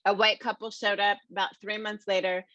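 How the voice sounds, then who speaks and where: A woman around fifty giving a conference keynote, telling her story in a lively, conversational way and calling the audience "y'all.". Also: medium pitch, brisk, no room sound, dull audio. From American Midwest. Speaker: keynote speaker. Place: conference room.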